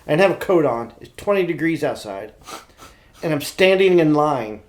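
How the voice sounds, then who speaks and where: Man, slightly high voice, sounds sick, animated storyteller, lots of restarts, casual podcast chat. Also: normal speed. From Indiana, USA. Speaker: podcast host.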